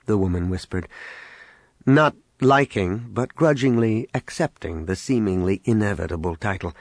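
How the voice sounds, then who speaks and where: A man reading an audiobook in a measured, dramatic narration. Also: on the low side, no room sound, poor audio. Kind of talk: scripted narration.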